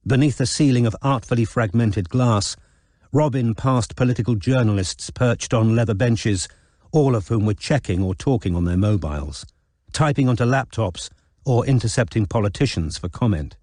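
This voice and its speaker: A man reading an audiobook in measured, even scripted narration. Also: medium pitch, no room sound, clean studio sound.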